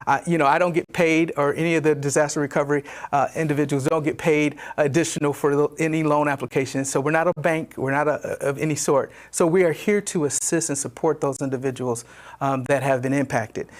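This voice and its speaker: A man from a disaster loan agency giving an informational briefing, explaining points with frequent fillers and restarts and repeating what he wants to emphasize. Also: a little high.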